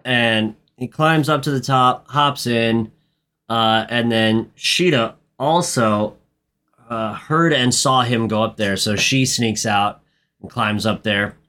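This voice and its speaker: Man, movie podcast co-host, relaxed plot recap, matter-of-fact, mid pitch. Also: slow pace.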